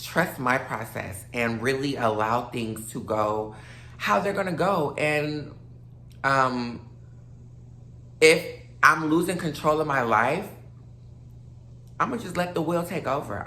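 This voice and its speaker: A woman's voice: sits low, slow, fairly bright tone, reverberant. A woman in her late twenties rambling casually to her viewers, a little tipsy and slightly slurred, with lots of fillers. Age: late 20s. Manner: loose, rambling, many fillers, addresses viewers as y'all. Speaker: vlogger. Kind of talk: casual rambling monologue to camera.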